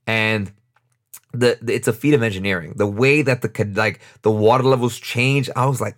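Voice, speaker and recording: A man's voice: on the low side, a little fast, fairly bright tone. A young man with a New York accent, hosting a casual solo podcast and talking in a rambling, off-the-cuff way with frequent laughs. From United States, New York. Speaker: podcast host.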